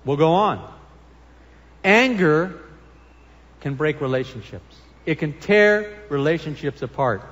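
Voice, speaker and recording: High-voiced preacher in a reverberant hall. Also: male voice, animated, slow pace, long pauses, fairly bright tone, dull audio. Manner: earnest, emphatic preaching with scripture reading. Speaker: pastor. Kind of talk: sermon.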